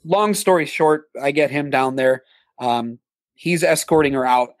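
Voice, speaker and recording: Animated male storyteller, dry close sound. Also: on the high side, a little slow, dry recording. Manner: animated, acts out quoted dialogue in a raised voice. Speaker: guest, haunted attraction actor manager. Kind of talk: storytelling in an interview.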